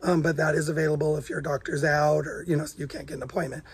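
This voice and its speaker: A middle-aged man with a hoarse, gravelly voice worn rough from days of coughing. He chats easily on a vlog and laughs often, his voice sitting a little high for a man. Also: little pitch movement, quick pace. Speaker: vlog co-host. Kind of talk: casual chat.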